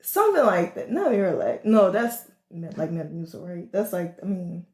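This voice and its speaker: Brief: chatty woman co-host, lively pitch, giggles a lot, roomy room. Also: moderate pace. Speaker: podcast co-host. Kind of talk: casual chat.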